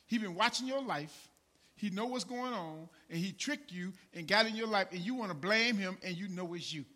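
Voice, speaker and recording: A pastor preaching a sermon in a conversational way, peppering his lines with "man" and "right?" and swinging from low asides to shouted emphasis. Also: normal speed.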